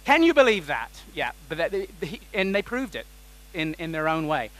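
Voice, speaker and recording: A man giving an energetic, joking talk on a conference stage, tossing questions at the audience. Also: on the high side, moderate pace, low-quality recording. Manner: energetic and jokey, quizzing the audience. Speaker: conference keynote speaker.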